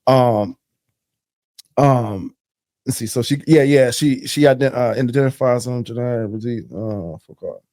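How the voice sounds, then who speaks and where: A man's voice: medium pitch, measured pace, a little mellow, no room sound, studio quality. A man co-hosting a podcast, giving a loose, rambling plot recap full of slang and cursing. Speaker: podcast co-host. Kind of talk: casual movie recap chat.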